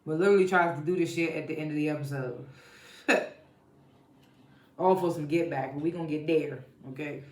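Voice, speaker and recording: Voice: mid-range voice, fairly even intonation, fairly quick, pauses often. A TV show reviewer giving a casual episode recap, blunt and profane, laughing often while retelling scenes. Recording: echoey room.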